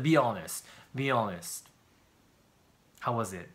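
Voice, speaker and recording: A man hosts a casual taste-test vlog in a very lively voice, his pitch swinging widely as he exclaims. He talks straight to the viewers in an animated way. A faint noise sits under the recording. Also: slow, pauses often. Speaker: vlog host. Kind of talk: casual chat, taste-testing.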